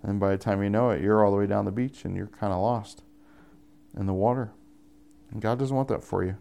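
A young adult man preaches in a casual, conversational way, his voice gravelly with fry. He often pushes into higher, more emphatic appeals, then settles back down. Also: fairly even intonation, a little fast, dark tone. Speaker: pastor. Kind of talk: sermon.

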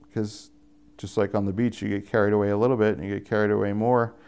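Preaching fast with little pitch movement, a young adult male pastor keeps his sermon conversational and slightly mellow. His voice has a gravelly fry, and he frequently pushes up into emphatic appeals before dropping back.

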